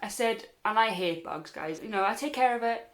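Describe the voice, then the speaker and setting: A young Welsh-accented woman vlogger tells her viewers a casual storytime in a chatty, rambling way, calling them guys. Her voice is fairly high in pitch, with a moderate pace.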